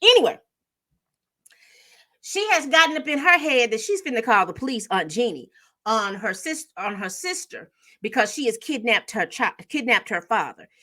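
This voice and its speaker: Woman, high bright voice, chatty TV recap host, lots of fillers. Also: moderate pace. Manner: chatty, animated storytelling with acted-out quotes; frequent fillers and self-corrections. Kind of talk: casual TV episode recap.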